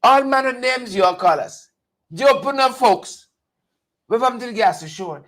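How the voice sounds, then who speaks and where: A man's voice: very high-pitched, animated, moderate pace, fairly bright tone. A man hosting a live political talk stream, greeting viewers by name and repeating phrases for emphasis. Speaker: host of a live political show. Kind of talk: casual live-stream commentary.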